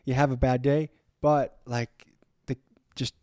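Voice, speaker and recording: A man's voice: medium pitch, unhurried, dry recording. Earnest young man telling stories, dry close mic. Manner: earnest, animated storytelling with quoted asides. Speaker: guest, documentary filmmaker. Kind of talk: casual podcast chat.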